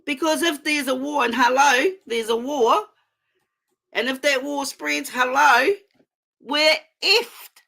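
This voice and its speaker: A woman's voice: high voice, fairly even intonation, measured pace, vocal fry, fairly bright tone. A middle-aged woman with a New Zealand accent, hosting a casual livestream, talking in an impassioned, rambling way full of fillers and restarts into a computer mic. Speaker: livestream host.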